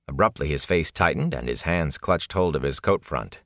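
A man narrating a fantasy story in an expressive, dramatic reading. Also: rumbling low, normal speed, few pauses, dry recording, clean studio sound. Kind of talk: scripted audiobook narration.

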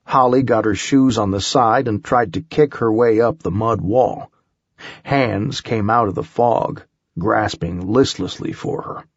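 Male audiobook narrator, first person, slow and measured, dull lo-fi dry sound. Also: fairly low pitch, creaky, husky, no echo. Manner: measured, steady storytelling.

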